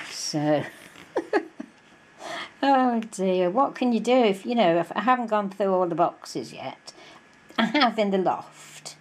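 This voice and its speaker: A woman's voice: sits low, darkish tone, a little hiss or hum, rough recording. A woman crafting vlogger in a casual show-and-tell, chatty and gushing, with many fillers, recorded on a camera mic at home.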